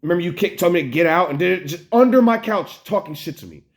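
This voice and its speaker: A man's voice: high voice, expressive, quick pace. An American man venting in a personal vlog, upset, rambling and swearing as he talks. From United States. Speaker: vlogger. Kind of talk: emotional personal vlog rant.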